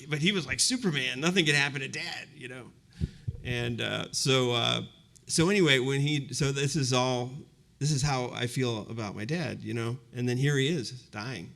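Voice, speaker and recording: A man's voice: medium pitch, normal speed, gravelly, pushed and bright. A man in his fifties telling a personal story in a conversational, reflective way during a university talk, with frequent fillers. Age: 50s. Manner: conversational and reflective, many fillers like "you know". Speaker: university presenter. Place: university event before a live audience.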